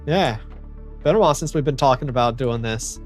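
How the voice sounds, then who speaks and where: A man's voice: mid-range voice, brisk. Man, from Northern Virginia, casual stream host, self-deprecating, light music under the talk. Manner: chatty, self-deprecating, laughs easily. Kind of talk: casual gaming stream chat. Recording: faint background music.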